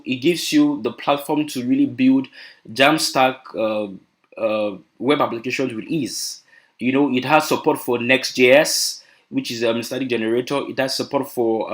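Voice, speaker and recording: Nigerian man giving a conference talk. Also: mid-range voice. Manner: hesitant, many fillers and restarts. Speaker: conference speaker.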